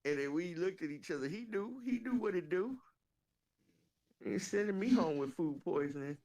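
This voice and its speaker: Animated, profane woman telling stories. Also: lowish voice, normal speed. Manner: animated, profane, laughs through her stories. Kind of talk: casual storytelling chat.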